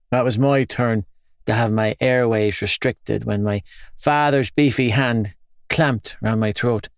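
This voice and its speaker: A male audiobook narrator reading first-person prose in a grave, intense manner. He takes his time over every line at a slow pace. The recording is dry and close, with no room sound. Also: mid-range voice, clear, resonant tone, no room sound.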